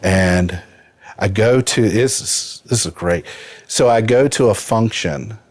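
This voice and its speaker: A man's voice: fairly low pitch, takes it slowly. A man in his fifties telling a personal story as a podcast guest, earnest and vivid. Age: 50s. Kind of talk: personal story in a casual interview.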